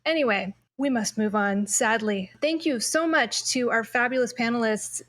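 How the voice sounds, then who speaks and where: A woman's voice: on the high side, normal speed, a bit bright. A woman hosting a podcast panel, chatting casually and telling stories with enthusiasm. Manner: enthusiastic, storytelling. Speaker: podcast host.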